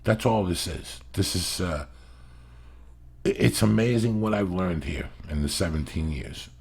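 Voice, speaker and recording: A middle-aged man with a gravelly, husky voice that sits fairly low, talking in a casual podcast chat. He rambles through his stories, swears constantly and hammers home every point. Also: measured pace, darkish tone. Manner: profane, rambling, emphatic storyteller. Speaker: podcast host.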